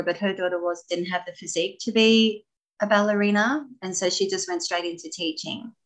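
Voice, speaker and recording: A woman telling stories about her ballet training in a casual interview, animated and laughing often. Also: lowish voice, low-quality recording. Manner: animated, laughing, expressive storyteller. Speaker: guest, former ballet dancer.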